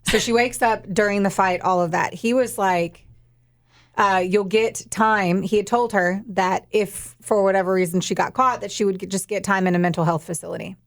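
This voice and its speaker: A woman's voice: medium pitch, steady tone, a little fast. A young woman co-hosting a podcast and telling a true-crime story in loose, casual talk. She swears freely and leans hard into the outrage. Her voice sits in a middle register. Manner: profane, emphatic storyteller. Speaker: podcast co-host.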